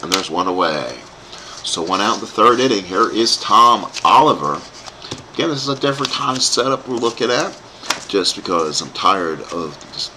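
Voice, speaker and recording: A man's voice: low-pitched, background noise. A man calling play-by-play for a tabletop baseball game he is playing himself, rambling into asides for his live chat. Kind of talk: play-by-play commentary of a dice game.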